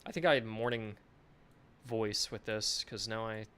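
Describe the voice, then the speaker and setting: A man's voice: on the low side, measured pace, pushed and bright, a little hiss or hum. Chatty, self-mocking male game developer. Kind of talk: casual live-stream commentary. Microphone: desk microphone.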